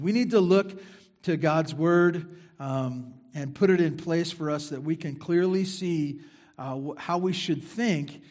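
A middle-aged man preaching a sermon in a conversational way, repeating phrases for emphasis and dropping into quiet asides. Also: medium pitch. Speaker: pastor.

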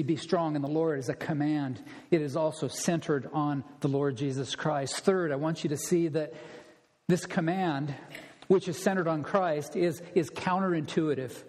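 Guy preaching in a big echoey church, kinda higher voice, repeats lines for punch. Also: a little mellow. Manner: emphatic preaching, repeats phrases for stress. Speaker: pastor. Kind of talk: expository sermon.

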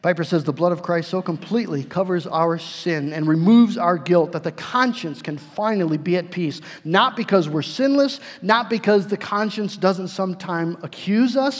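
Male pastor, sermon, high voice, earnest, drawn-out emphasis, long hall echo. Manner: earnest, slows and swells for emphasis, repeats words.

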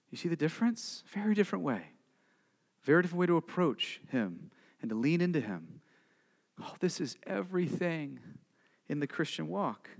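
A male pastor preaching a sermon in a direct, conversational way, asking the listeners questions and swinging from quiet and low to loud and emphatic. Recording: long hall reverb.

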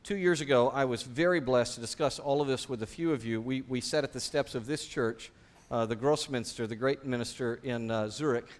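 A man's voice: medium pitch, a little fast. A man preaching a sermon in a church, asking his congregation one question after another. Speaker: pastor.

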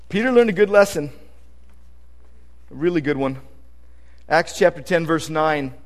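High-voiced man preaching a sermon. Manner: conversational, emphatic preaching with scripture reading. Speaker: pastor.

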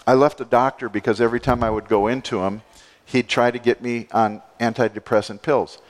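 A male pastor preaching a sermon, expressive, moving between soft, low passages and emphatic lifts. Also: brisk. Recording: long hall reverb.

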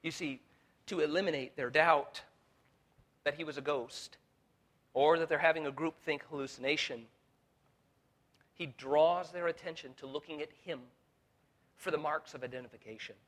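Bright, fervent male preacher. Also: a little high, steady tone. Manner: preaching with rising intensity, voicing Jesus in quotes; halting restarts and fillers. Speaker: pastor. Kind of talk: sermon.

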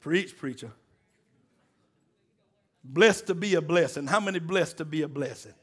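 High-voiced preacher, folksy. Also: male voice, a little slow. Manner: call-and-response exhorting, folksy and joking. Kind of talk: sermon.

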